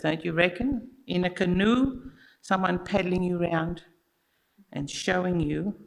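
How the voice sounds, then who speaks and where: A storyteller tells a tale at church at a slow, easy pace. The voice has a gravelly edge, a bright tone and a plain, expressive delivery that speaks right to the listeners. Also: medium pitch, rough recording. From Australia. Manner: unhurried and expressive, addressing listeners directly. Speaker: children's story teller at church. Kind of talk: told story in a church service.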